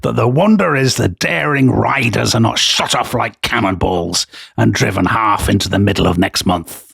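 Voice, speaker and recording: A man's voice: on the low side, moderate pace, gravelly, a bit bright, breathy edge, no room sound, clean studio sound, full character voice. A man putting on a blustery reporter. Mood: excitable.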